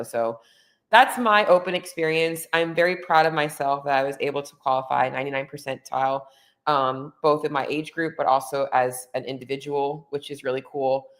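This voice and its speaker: A woman hosting a podcast, talking casually and candidly about her own experience. She uses many fillers and gets openly emotional. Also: extremely low pitch. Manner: chatty, lots of "like" and "um" fillers. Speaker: podcast host. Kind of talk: casual personal monologue.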